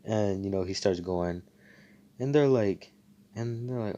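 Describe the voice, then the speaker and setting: A man with a deep, mellow voice tells a fan story in a loose, rambling way. He swears freely and leans on fillers. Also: a little slow, dull audio. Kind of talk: casual fan story retelling.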